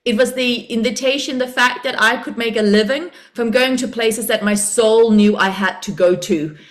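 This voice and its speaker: A woman with a slightly high voice hosts a relaxed conversation. She talks in an animated way, laughs often and acts out her inner voices as she goes. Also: moderate pace. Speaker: podcast host. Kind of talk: casual conversational interview.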